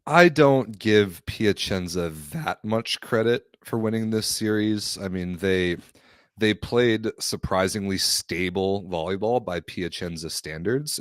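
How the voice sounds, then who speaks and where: Male podcast co-host, deep voice, dry close sound, opinionated and scoffing. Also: measured pace, no echo. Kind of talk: casual sports podcast chat.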